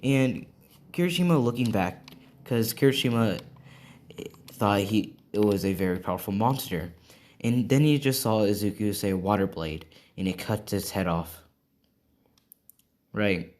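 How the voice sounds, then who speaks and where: Low-voiced guy making up a fan story as he goes, keeps saying right. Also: lively intonation, a little slow, pauses often, darkish tone. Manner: rambling, full of fillers and "right?". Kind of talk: improvised fan story narration.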